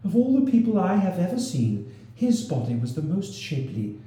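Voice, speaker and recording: Brief: male reader doing an ashamed noble duchess, mellow tone, reproachful. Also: high-pitched, big pitch swings, normal speed. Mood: pleading. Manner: reproachful, pleading. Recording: roomy echo.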